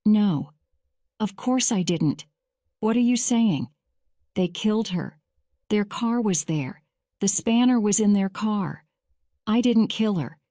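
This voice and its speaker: A defensive young man under questioning in a courtroom storybook, read by a woman. The voice is slow and mellow, with a dry, close sound. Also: medium pitch, animated, no echo. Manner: measured, slow graded-reader delivery.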